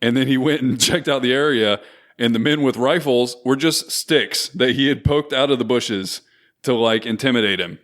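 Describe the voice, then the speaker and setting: A man's voice: mid-range voice, moderate pace, a bit bright. A man co-hosting a podcast, telling a story in a rambling casual way and laughing now and then. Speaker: podcast co-host.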